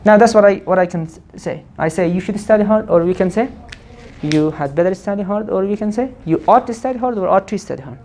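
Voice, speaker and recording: A woman teaching an English grammar lesson, quizzing the class and answering her own questions, repeating forms slowly. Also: mid-range voice, expressive, warm tone, slight background noise. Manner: asks the class questions and answers them herself.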